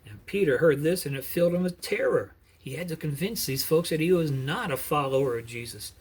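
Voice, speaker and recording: Man, middle-aged, husky, earnest Bible storytelling, explanatory asides. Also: fairly high pitch, lively intonation, brisk.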